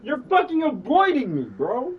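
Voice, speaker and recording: A man's voice: very high-pitched, huge pitch swings, normal speed, phone-quality sound. A man streaming who argues angrily and bluntly over the phone, swearing heavily. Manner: angry, blunt, profane. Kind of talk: heated phone argument during a stream.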